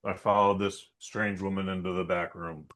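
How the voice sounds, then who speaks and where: A man's voice: sits low, flat delivery, moderate pace, fairly bright tone. A man co-hosting a podcast in casual banter, joking and often stammering as he restarts his sentences. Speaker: podcast co-host.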